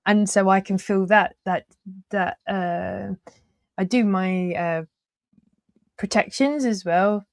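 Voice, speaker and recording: A medium-pitched woman hosts a casual interview, speaking slowly with long pauses and no room sound. Her sentences meander and trail off, dotted with frequent fillers, and she laughs easily as she talks.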